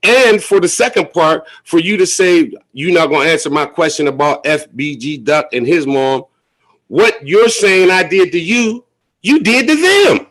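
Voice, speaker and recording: Measured man arguing his case. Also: fairly high pitch, a bit bright, low-quality recording. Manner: measured, argues point by point. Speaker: caller. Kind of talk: live call-in debate.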